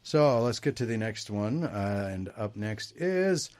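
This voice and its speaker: A man's voice: fairly low pitch, lively intonation, unhurried, a little mellow. A man hosting a casual panel chat about movie trailers, rambling and laughing often. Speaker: host.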